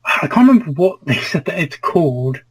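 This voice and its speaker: A man's voice: a little high, sing-song, brisk, slightly rough, no echo, rough recording. A man chatting casually as a regular on a gaming podcast, laid-back and joking.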